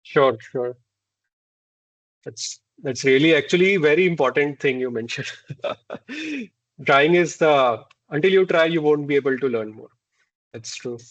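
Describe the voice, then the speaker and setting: A man's voice: on the high side, big pitch swings, a little slow, long pauses. Hesitant man hosting an online meeting. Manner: hesitant, many fillers, friendly. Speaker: club meeting host. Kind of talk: casual online meeting talk. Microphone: video call. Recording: dull lo-fi call audio.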